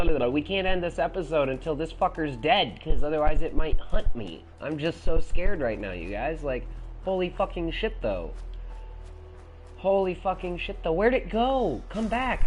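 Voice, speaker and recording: A man's voice: on the high side, sing-song, normal speed, a little hiss or hum. A young man giving casual gameplay commentary as he plays, swearing a lot and shrieking when he is startled. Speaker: gaming video host.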